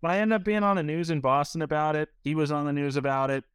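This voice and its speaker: Smooth-voiced man telling a rambling story. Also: fairly high pitch, fairly even intonation, fast talker, no echo. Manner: rambling, filler-heavy with frequent "like". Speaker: restaurant owner guest. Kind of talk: casual storytelling.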